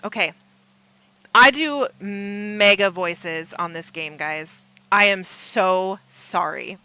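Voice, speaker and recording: A woman's voice: medium pitch, takes it slowly, sharp tone, smooth, no echo. A woman streaming a video game, chatting casually with self-mocking asides. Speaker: gaming streamer. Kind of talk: casual gameplay commentary.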